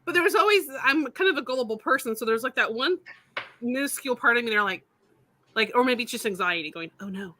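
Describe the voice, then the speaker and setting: A woman's voice: a little high, animated, fast talker, pushed and bright. A woman co-hosting a casual livestream chat, telling stories and laughing often while she gets over being sick. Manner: chatty storyteller, laughs often. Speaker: co-host.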